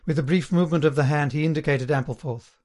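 Man narrating a novel, slightly high voice. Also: fast, a little mellow. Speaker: audiobook narrator. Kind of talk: scripted narration.

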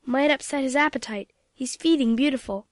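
A woman's voice: high-pitched, fairly quick, no room sound, clean studio sound, close to an everyday voice. A woman voicing a coarse, greedy male ship's cook in a storybook reading. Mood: conspiratorial.

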